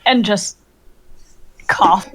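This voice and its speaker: A woman's voice: medium pitch, very slow, a bit bright, slightly rough. A woman playing a tabletop game, explaining her moves with hesitant fillers. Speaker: player. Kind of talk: casual tabletop play.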